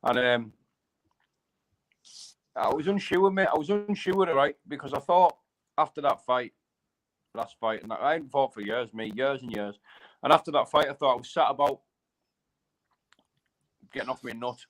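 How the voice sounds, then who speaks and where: A man's voice: mid-range voice, moderate pace, long pauses, a bit bright, poor audio. Blunt, slang-heavy man in his thirties. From England. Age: 30s. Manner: blunt, slangy, repeats "you know what I mean". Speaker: bare-knuckle fighter. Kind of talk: casual live chat.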